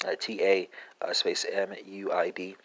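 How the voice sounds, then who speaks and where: A man hosting a language lesson podcast, talking through verb forms with lots of "uh" pauses and a habitual "right?", spelling words out letter by letter. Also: low-pitched, monotone, a bit bright. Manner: halting, many "uh" fillers and tag "right?". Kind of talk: casual spoken language lesson.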